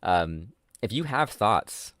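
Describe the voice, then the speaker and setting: A man's voice: lowish voice, very animated, slow, fairly bright tone, no room sound, studio quality. A man hosting a casual commentary chat who rambles, swears freely and mocks himself. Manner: rambling, swears a lot, self-mocking. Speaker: host.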